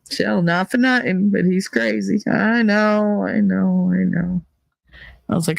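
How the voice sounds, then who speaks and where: Chatty New woman, mid-pitched, emotional storyteller, dry close mic. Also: slow pace, creaky, long pauses, no room sound. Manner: animated, emotional, acts out quotes. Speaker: streamer. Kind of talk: casual storytelling chat.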